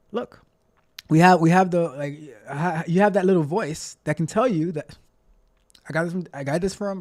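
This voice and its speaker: A man hosting a casual tech livestream, chatting with viewers in a playful, repetitive, motivational way. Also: fairly high pitch. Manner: playful, repeats himself a lot. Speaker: tech coach livestream host.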